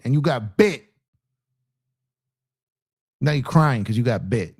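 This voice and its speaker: A man's voice: mid-range voice, lively intonation, slow pace, a little mellow, slightly rough. A man hosting a sports show, ranting in fired-up fan commentary, repeating himself for emphasis and taunting rival fans. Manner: reads out viewer super chats.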